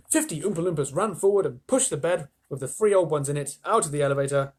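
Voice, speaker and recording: A man's voice: a little high, lively intonation, quick pace, few pauses. A man reading a children's book aloud on a live stream, with chatty asides.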